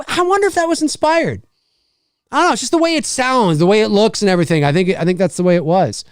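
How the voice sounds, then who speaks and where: A man hosting a live movie watch-along, reacting out loud and swearing easily. His voice sits high for a man and leaps around, and the recording is dry and close. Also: no room sound. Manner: animated, swears freely, quick pitch jumps. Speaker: movie commentary host. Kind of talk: live movie commentary to chat.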